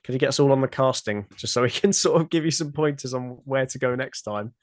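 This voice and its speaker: A British man hosting a casual podcast chat, talking with many pauses and restarts. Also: mid-range voice. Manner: hesitant, many fillers and restarts. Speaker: podcast host.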